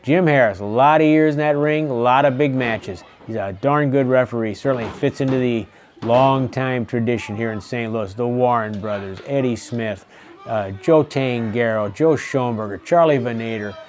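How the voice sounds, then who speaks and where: A man's voice: mid-range voice, normal speed. A man hosting a wrestling show and calling the match play-by-play in a folksy, chatty way, reminiscing between calls.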